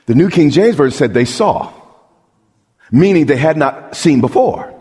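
A man's voice: on the high side, expressive, moderate pace, a little mellow, slightly rough. A man preaching a sermon as pastor, emphatic, asking the crowd questions and repeating words as he builds a point. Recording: long hall reverb.

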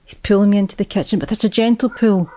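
A woman, a mother, telling a personal story in a reflective way, often dropping to a hushed whisper. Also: medium pitch, fairly even intonation, quick pace, no echo.

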